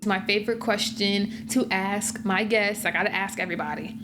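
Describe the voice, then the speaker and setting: A woman hosting a casual interview with an indie wrestler, asking questions in a relaxed, chatty way. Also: medium pitch, moderate pace, noisy background. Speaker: interview host.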